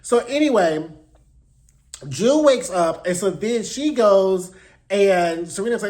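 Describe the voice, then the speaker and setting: High-voiced guy recapping a show, sassy and blunt, lots of slang, close mic. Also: animated, slow, a little mellow. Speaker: host. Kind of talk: casual TV recap chat.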